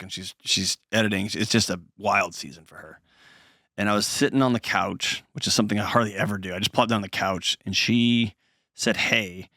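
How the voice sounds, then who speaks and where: A middle-aged man hosting an advice call-in show, talking calmly and earnestly. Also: fairly low pitch, no echo, studio quality. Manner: calm, earnest counseling. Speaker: host.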